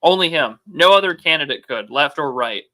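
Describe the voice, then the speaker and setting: A man's voice: on the high side, lively intonation, moderate pace, bright, forceful tone. A man hosting a casual political podcast, musing aloud with rhetorical questions. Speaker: podcast host.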